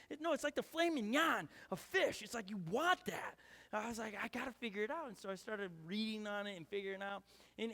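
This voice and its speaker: A man preaching a sermon with a high voice. He talks casually and rambles, full of fillers and restarts. His voice rings with a long reverb through the church hall. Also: fairly bright tone. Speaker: pastor.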